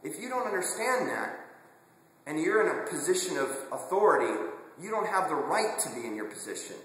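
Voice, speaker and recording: A slightly fast, bright-toned man with a high voice and big pitch swings records a confessional vlog, with slight background noise in a very echoey, long-reverb room. Earnest and passionate, he keeps repeating words whenever he restarts a sentence.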